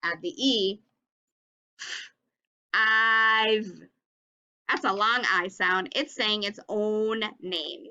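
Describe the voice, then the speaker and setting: A woman teaching a phonics lesson to young children, slowly stretching out and sounding each letter of the words. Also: mid-range voice, bright, forceful tone, highs cut off.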